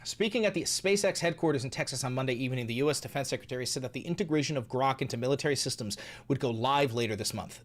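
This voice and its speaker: A man's voice: medium pitch, fast, hardly any pauses. A man hosting his stream, giving casual news commentary with profane, indignant ranting and mocking asides. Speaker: streamer and host.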